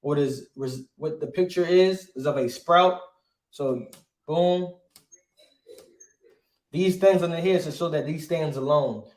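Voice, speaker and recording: Man, teacher, emphatic, rhetorical questions, slightly high voice, roomy echo. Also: takes it slowly, pauses often, darkish tone. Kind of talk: classroom lesson.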